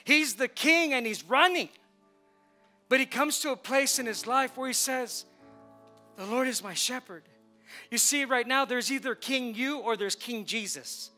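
A man with a high, bright voice preaches from the pulpit, leading the congregation in call-and-response. He drives his points home with emphatic repetition, and soft instrumental music plays under him in the church. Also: moderate pace. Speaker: pastor. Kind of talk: sermon. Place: church sanctuary.

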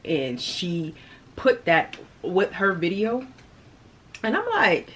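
A woman's voice: lowish voice, big pitch swings, drawn-out words, pauses often, fairly bright tone, slight background noise. A young woman chatting casually to her viewers in a vlog, laughing often and talking to them as y'all; she is tired. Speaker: vlogger.

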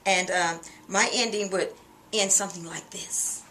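A middle-aged woman giving a relaxed, conversational singing lesson, explaining vocal runs with a few fillers. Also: fairly low pitch, unhurried, slight background noise. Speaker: singing teacher. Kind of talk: vocal lesson with sung demonstrations.

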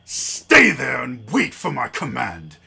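A man voicing a commanding villain who turns people to stone, in a loud imperious voice. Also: wildly swooping pitch, takes it slowly, creaky, exaggerated voice. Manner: booming, imperious.

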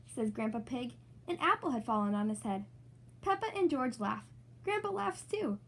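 A woman's voice: a little high, big pitch swings, moderate pace, creaky, husky. A young woman reading a children's storybook aloud in an upbeat, sing-song way, as host of her channel. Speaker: children's book reader. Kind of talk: read-aloud storytelling for kids.

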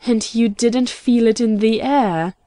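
A woman reading the part of a lively young lady who speaks breathlessly and teases mockingly, in a storybook. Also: mid-range voice, a little slow, no room sound, lightly acted. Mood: teasing.

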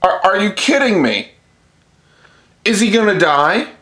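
A man's voice: sits high, big pitch swings, measured pace, pushed and bright. A startled man stammering and swearing in a casual home video, filmed on a phone inside his house. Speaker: vlogger.

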